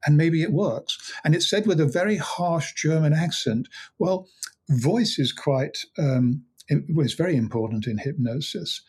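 A man appearing as a guest in a conversational interview is a hypnotherapist and mind coach, speaking unhurriedly in a slightly high, darkish, husky voice. He tells stories about his clients with many restarts, acting out their dialogue.

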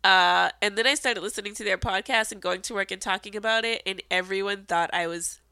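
Bright-voiced animated woman podcaster. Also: mid-range voice, fairly quick, clean tone, no room sound. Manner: animated storyteller, swears casually. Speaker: podcast host. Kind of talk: casual chat.

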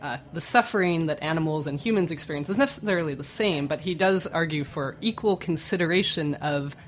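A woman's voice: sits low, fairly quick. A woman guest on a radio show, explaining ideas precisely. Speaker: guest expert.

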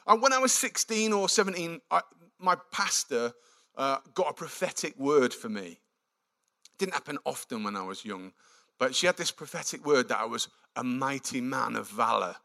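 A man preaching a sermon, telling the story with animated, acted-out quotes. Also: mid-range voice, moderate pace, gravelly.

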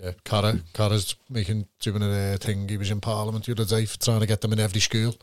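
A man's voice: lowish voice, level tone, quick pace, dry recording, studio quality. A man hosting a casual chat, chipping in with short agreeing remarks. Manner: brief agreeing interjections.

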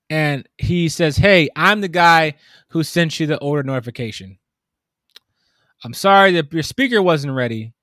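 A man telling a long story in casual conversation, animated and acting out the people in it. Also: fairly high pitch, no room sound, clean studio sound. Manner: animated storytelling, mimics customers. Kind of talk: casual chat.

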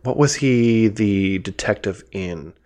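A man's voice: fairly low pitch, slow pace, a little mellow. A man co-hosting a podcast, chatting loosely about a film and laughing easily. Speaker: podcast co-host. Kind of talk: casual movie discussion.

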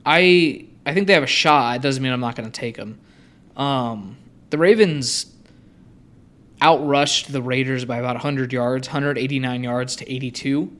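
A man's voice: medium pitch, normal speed. A man co-hosting a sports podcast, chatting casually about football picks with frequent ums. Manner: relaxed, frequent ums and you-knows. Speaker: podcast co-host.

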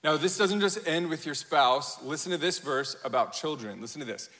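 A man in his thirties preaches with a bright, forceful voice that rings through a large hall with a long reverb. He tells stories with animated energy, acting out quotes and laughing at himself. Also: a little high, moderate pace. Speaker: pastor. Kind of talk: sermon.

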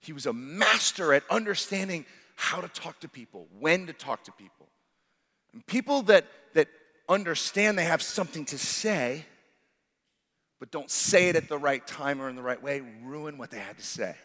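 A male pastor preaches, his high voice rising into loud exclamations and dropping to hushed, intimate passages. His tone is bright and forceful. The sound carries the long reverb of a large hall. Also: lively intonation, normal speed. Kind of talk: sermon.

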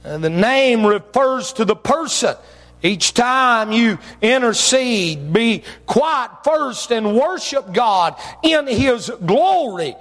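A man preaching a sermon as pastor, with folksy phrasing, shouted emphasis and drawn-out phrases. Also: very high voice, sing-song. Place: church sanctuary. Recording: long reverb of a church hall.

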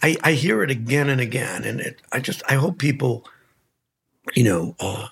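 A man in casual conversation, speaking slowly and haltingly as he searches for words. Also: mid-range voice, expressive, gravelly, fairly bright tone, husky. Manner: slow, searching, halting phrasing. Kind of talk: casual chat.

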